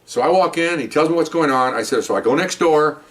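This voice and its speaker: A man's voice: a little high, fairly quick, recorded from a distance. Heated older man telling a cop story. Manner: heated, animated, acts out quoted lines. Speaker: retired narcotics detective. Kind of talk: personal storytelling.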